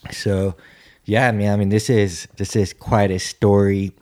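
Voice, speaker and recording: Low-voiced friendly male interviewer. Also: flat delivery, unhurried, darkish tone. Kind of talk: casual interview.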